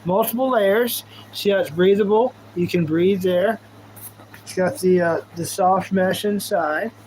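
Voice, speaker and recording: A man's voice: high voice, a little slow, a little mellow, slight background noise, low-quality recording. A man chatting casually on a live stream, rambling and goofy, thanking viewers as he goes. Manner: goofy, rambling, talks to chat.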